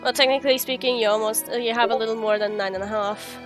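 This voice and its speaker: Woman streamer, fairly high voice, sounds sick, giggly casual chat, faint music behind. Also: fairly even intonation, quick pace. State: sick, rough voice. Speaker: streamer and player.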